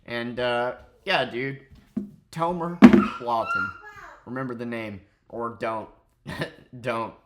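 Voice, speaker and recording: A young man delivers a heated vlog rant at a middling pitch. He swears freely and turns sarcastic, mocking his target with scornful jabs. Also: slow, long pauses, very noisy. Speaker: streamer and vlogger. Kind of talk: ranting commentary vlog.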